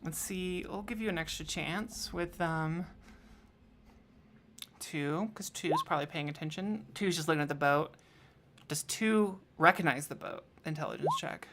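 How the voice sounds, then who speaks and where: A woman runs a tabletop game in a low voice. She narrates and calls for rolls with plenty of pauses and fillers. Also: background noise. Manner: hesitant, many fillers. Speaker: game master.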